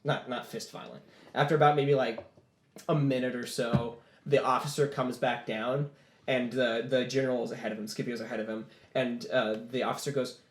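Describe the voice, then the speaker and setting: A man's voice: medium pitch, fairly even intonation, moderate pace. Man narrating a tabletop game in an echoey room. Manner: rambling narration with restarts, voicing guards. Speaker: game master.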